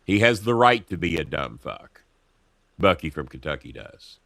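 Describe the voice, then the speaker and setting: Guy hosting his own show, swears a lot, voice jumps all over, bright and dry sounding. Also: low voice, moderate pace, gravelly, no room sound. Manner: profane, animated storytelling. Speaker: show host. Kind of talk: casual political chat. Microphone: earpiece headset.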